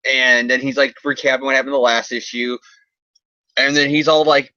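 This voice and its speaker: A man's voice: medium pitch, flat delivery, fairly quick, sharp tone, no echo, highs cut off. A man hosting a casual comedy podcast, recapping a comic in a rambling, sarcastic, profane way.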